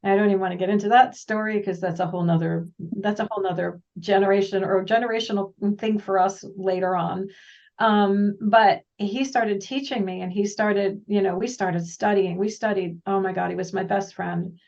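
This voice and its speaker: A woman speaks as a guest, telling her story in a rambling, animated way and slipping into the voices of the people she quotes. Her voice sits at a middle pitch and sounds set back from the mic. The sound is dull and lo-fi. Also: normal speed, gravelly, far from the mic. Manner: animated, rambling, often acts out quoted dialogue. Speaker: guest, intuitive practitioner. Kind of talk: casual personal storytelling.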